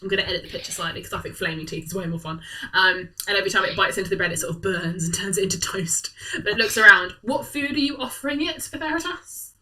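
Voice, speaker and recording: Woman DM, playful and giggly, bright voice, does sound effects; slightly distant mic. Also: medium pitch, quick pace. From United Kingdom. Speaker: dungeon master. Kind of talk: narrating a tabletop game.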